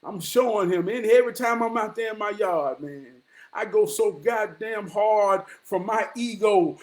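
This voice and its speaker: High-voiced man preaching hard, profane and fiery. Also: a little slow. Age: 40s. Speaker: motivational vlogger. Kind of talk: impassioned motivational monologue.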